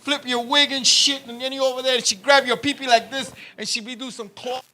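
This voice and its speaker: Loud high-voiced joking man. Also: flat delivery, brisk. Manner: loud, profane, acts out scenes with shouts. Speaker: podcast co-host. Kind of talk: crude comedic banter.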